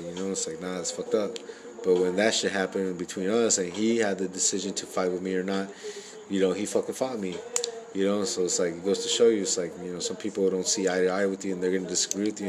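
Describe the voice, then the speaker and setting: A man's voice: low voice, poor audio. A man telling personal stories in a rambling, casual way, full of fillers and profane street slang. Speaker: parent sharing life stories.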